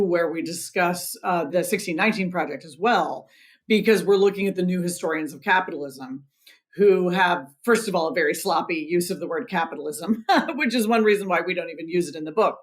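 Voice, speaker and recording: Woman author, podcast guest, earnest, emphatic, explanatory. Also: lowish voice. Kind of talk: interview, explaining history.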